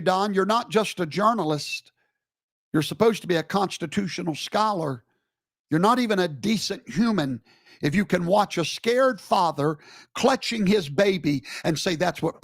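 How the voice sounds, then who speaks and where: A man's voice: high voice, creaky, no echo, clean studio sound. A man giving a live streamed commentary in an emphatic, preacherly way, scolding with rhetorical questions.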